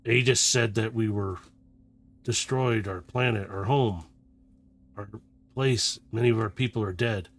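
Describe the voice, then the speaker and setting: A man voicing a gruff, angry male robot survivor in a tabletop game. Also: on the low side. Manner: gruff, fast, rising anger.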